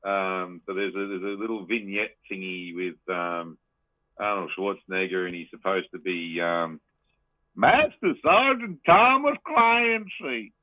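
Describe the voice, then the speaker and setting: A man rambles through a casual podcast chat, swearing freely. His voice is fairly low. It comes through a dry, tinny line that sounds like a phone. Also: normal speed, no room sound. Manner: swears a lot, rambling, animated. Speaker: podcast co-host.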